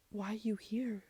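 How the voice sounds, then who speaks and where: A woman's voice: mid-range voice, husky, dry recording, exaggerated voice. Woman whispering as Henry, an anxious young boy. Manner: hushed, urgent questions. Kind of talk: whispered role-play.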